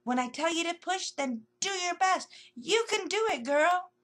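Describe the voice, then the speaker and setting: A woman's voice: high-pitched, sing-song, moderate pace, voice pushed up. A woman voicing a wise, bossy male animal friend who gives urgent commands. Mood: urging.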